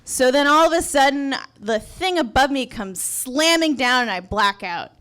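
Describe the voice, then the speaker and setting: A woman's voice: high voice, expressive, normal speed, a bit bright, clean tone. A young adult woman telling a personal story at a live event in a restaurant, candid and wry with a sarcastic edge.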